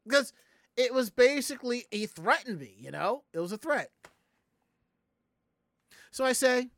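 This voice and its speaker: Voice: mid-range voice, normal speed, pauses often, no echo. Casual storyteller, from the southern US, swears freely, acts out voices, dry close sound. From Southern United States. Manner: animated, profane, acts out the people in the story. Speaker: streamer telling a story to chat.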